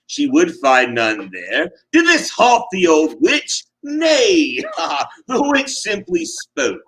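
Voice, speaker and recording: A man's voice: high voice, wildly swooping pitch, slow, sharp tone, rough recording. A man giving a dramatic reading of a rhyming tale with a theatrical, sing-song delivery. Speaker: reader.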